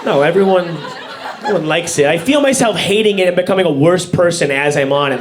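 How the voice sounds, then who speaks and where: High-ish guy doing stand-up, deadpan ranting, big crowd laughing all over it. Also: fairly quick, heavy background noise. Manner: deadpan rants with sudden put-on voices. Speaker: stand-up comedian. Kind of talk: stand-up set. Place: comedy club stage with laughing audience. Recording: live room with crowd laughter.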